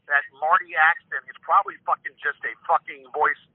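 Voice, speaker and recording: A man's voice: on the high side, fairly even intonation, fairly quick, breathy edge, dry recording. Angry man on a tinny phone line. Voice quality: profane, repetitive, stammering. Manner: suspicious and defiant, rising in anger. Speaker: prank call target.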